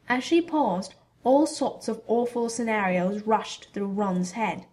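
A woman narrating a fan fiction story in a steady storytelling delivery. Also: mid-range voice, measured pace.

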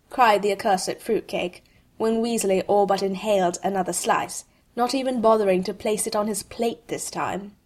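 Wry, expressive woman reading a story. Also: mid-range voice, moderate pace. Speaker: narrator. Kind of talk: reading fan fiction aloud.

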